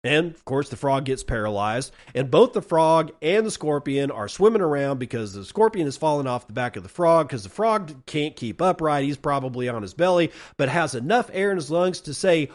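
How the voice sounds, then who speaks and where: A man's voice: a little high, lively intonation, normal speed, few pauses. A middle-aged man hosting a solo commentary podcast, sarcastic and ranting, stretching out words for emphasis. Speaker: podcast host.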